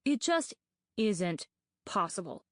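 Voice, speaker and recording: A woman voicing a nervous, bookish young male dragon in an audiobook, talking in anxious, rapid reasoning and stammers. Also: medium pitch, dry recording, clean studio sound, close to an everyday voice. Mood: incredulous. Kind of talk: audiobook character voice.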